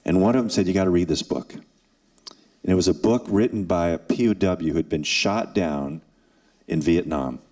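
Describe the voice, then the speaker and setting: A man in his sixties speaks at a forum for students in a deep, low voice. He tells his story in an earnest way, with dramatic pauses and acted quotes. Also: darkish tone. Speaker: former NFL kicker and forum speaker. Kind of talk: emotional personal storytelling to students. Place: event hall.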